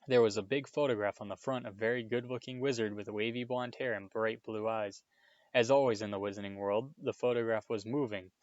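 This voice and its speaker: A man's voice: lowish voice, steady tone, fairly quick, no room sound, muffled recording. Man reading a storybook aloud. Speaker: audiobook reader. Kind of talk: storybook narration.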